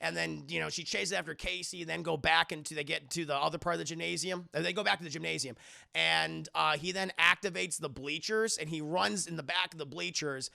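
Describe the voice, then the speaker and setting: A man's voice: a little high, steady tone, a little fast, gravelly, pushed and bright, dry recording, clean studio sound. A man streaming a rambling, profane movie recap and correcting himself as he goes. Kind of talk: casual film recap on a livestream.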